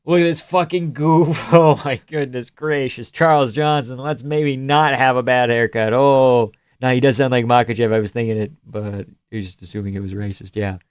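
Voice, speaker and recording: A man talking casually as he hosts a live fight stream, joking around, cursing freely and answering chat. His voice is smooth and clean, mid-pitched, recorded close and dry with no room sound. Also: steady tone, moderate pace, hardly any pauses, no room sound. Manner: joking, swears often, reads chat aloud. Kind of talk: casual fight reaction commentary.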